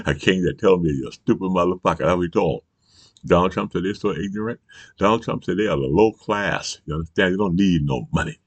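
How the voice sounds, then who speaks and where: A man's voice: very deep voice, no echo. A man hosting his own channel, delivering a heated, profane political commentary rant peppered with "you know.". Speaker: channel host. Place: Michigan.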